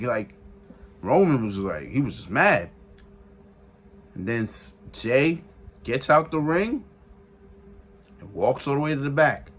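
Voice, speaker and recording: A man giving a casual, excitable recap of a wrestling event, repeating phrases for emphasis and laughing often. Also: mid-range voice. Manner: excitable, retells with shouted quotes and sound effects. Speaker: wrestling reviewer.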